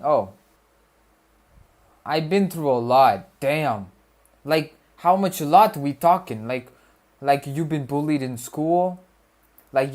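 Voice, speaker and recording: Slow-talking young man chatting on stream. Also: a little high. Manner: rambling, repeats himself, slangy and joking. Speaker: student streamer. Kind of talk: casual livestream chat with viewers.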